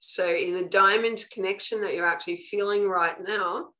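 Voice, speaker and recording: A woman with an Australian accent giving a live online spiritual lesson. She coaches earnestly and keeps checking in with her listeners with a quick "okay". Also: medium pitch, fairly even intonation, sharp tone, low-quality recording. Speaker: spiritual teacher.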